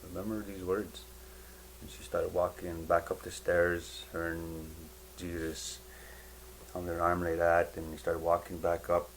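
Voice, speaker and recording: A man giving a personal spiritual testimony in a halting, rambling way, full of fillers and restarts. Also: low voice, completely flat delivery, a little hiss or hum, low-quality recording.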